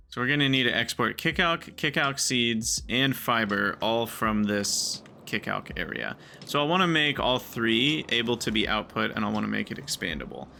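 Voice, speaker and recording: A man talks through a game in a loose, thinking-aloud way, half muttering to himself. His voice is bright and edged, with a gravelly fry at the ends of his lines. Faint music plays underneath. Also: fairly low pitch. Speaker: gaming video creator. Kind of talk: casual gameplay commentary.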